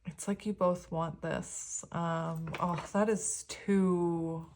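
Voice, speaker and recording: A woman reading tarot cards for viewers, chatty and gushing, with many pauses and restarts. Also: lowish voice, steady tone, a little mellow, a little hiss or hum. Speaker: tarot reader. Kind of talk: pick-a-card tarot reading.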